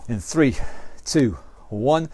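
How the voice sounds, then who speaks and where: A man's voice: mid-range voice, animated, drawn-out words, dark tone, husky. A man with a British accent leading an online exercise class, counting down rounds and calling out moves with encouragement. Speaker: fitness instructor.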